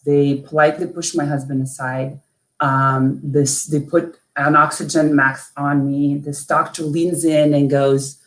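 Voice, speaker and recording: A woman from Lithuania, a coach, telling a personal story in an interview with an emotional, halting delivery full of restarts. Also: low voice, little pitch movement, echoey room. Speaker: guest, coach.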